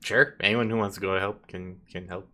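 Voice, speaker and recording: Bright-voiced game master narrating a tabletop game. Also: male voice, low-pitched, normal speed. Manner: relaxed, chuckling, loose narration with fillers.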